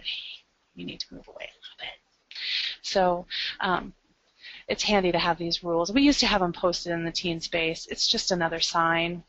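A woman with an American Midwest accent speaks in a low, gravelly voice as she walks through a webinar presentation. Her delivery is upbeat and conversational, full of ums. The audio is dry and dull, like an online call. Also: no room sound.

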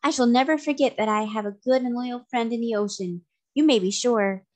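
A woman's voice: fairly high pitch, brisk, voice pushed up, lightly acted. Trot, an eager little girl, voiced by a woman. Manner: bright, eager and excited. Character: cheerful earnest little girl sailor's friend. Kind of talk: storybook reading.

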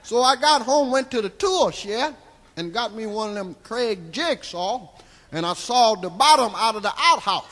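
A comedian playing a crude, rambling old Southern storyteller with a Southern US accent, drawling folksy tales on a live stand-up stage. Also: male voice, sits high, animated, normal speed, a bit bright. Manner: drawling, folksy, keeps tagging lines with "see?". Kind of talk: live stand-up character monologue.

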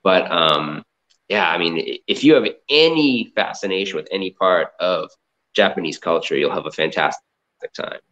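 A man's voice: low-pitched, lively intonation, normal speed, a bit bright. A man from the Boston area, a guest on an interview over a video call, telling stories in a loose, rambling way full of fillers and restarts. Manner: rambling, filler-heavy storytelling. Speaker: guest, comic art collector and entrepreneur. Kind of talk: casual interview chat. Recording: dull lo-fi audio.

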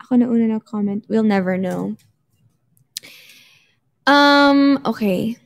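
A woman's voice: a little high, a little slow, creaky. A woman with a Filipino accent hosting a casual livestream, bubbly and giggly as she chats with viewers. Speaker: livestream host.

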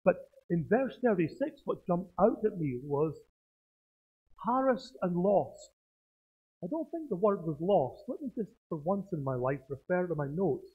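A man, a pastor, preaching a sermon in a church through a face mask, with animated delivery and self-mocking jokes. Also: high-pitched, a little slow, husky. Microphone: speaking through a face mask. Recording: tinny phone-like sound.

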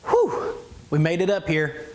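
Playful guy hosting kids church, upbeat, voice on the high side. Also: wildly swooping pitch, measured pace, a little hiss or hum. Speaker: children's church host. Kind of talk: kids' church lesson.

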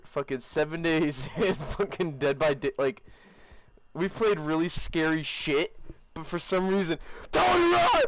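A man's voice: fairly high pitch, slight background noise. A young man recording himself playing a co-op game with a friend, teasing and laughing often. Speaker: gamer recording co-op play. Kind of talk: casual gaming chat.

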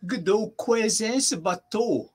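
A man teaching in a casual chat, patiently repeating phrases slowly for his learner. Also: high-pitched, a little mellow, slightly rough. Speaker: language teacher.

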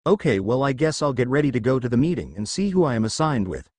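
Hot-headed teen ninja boy, read by a guy, lively pitch, dry mic. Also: fast talker, no room sound. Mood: brash. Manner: brash and shouty.

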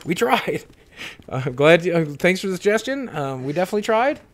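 A man giving live gameplay commentary as a streamer, excitable and swearing, panicking and talking to his chat. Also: sits high, brisk. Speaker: gaming streamer.

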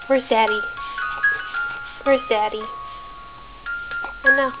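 A woman's voice: fairly high pitch, steady tone, takes it slowly. A mother talking sing-song baby talk to her infant beside a crib, filmed on a handheld home camera. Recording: lo-fi home video with loud crib mobile music.

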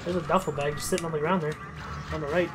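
High-voiced joking gamer man. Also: fairly even intonation, racing, very noisy. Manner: joking, swearing, goofy banter. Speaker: let's play commentator. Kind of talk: casual gameplay chat.

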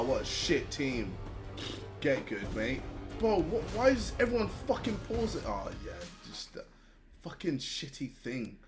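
A young man, commentating his own football video game in a loud, sweary way, switching from mock rage to gloating. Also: medium pitch. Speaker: gaming YouTuber. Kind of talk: live gameplay commentary.

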